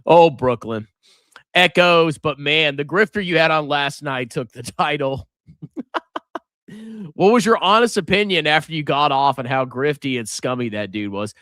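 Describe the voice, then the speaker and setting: A middle-aged man hosts a finance livestream, casually reading superchats, sarcastically mocking viewers and putting on silly voices. His voice is fairly high and a bit bright at a moderate pace. The sound is studio quality with no echo.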